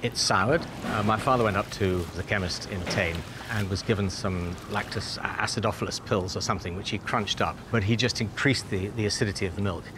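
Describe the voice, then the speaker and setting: A man, a cheesemaker, explaining his craft in a relaxed storytelling way. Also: on the low side, a little fast, hardly any pauses, noisy background. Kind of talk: interview answers.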